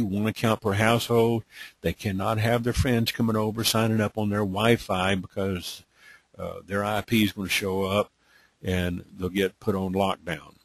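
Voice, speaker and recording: A middle-aged Texan man with a light accent hosts a live training webinar, his voice fairly low and level at a normal speed with no echo. He drawls, repeats himself, and keeps checking in with "okay?"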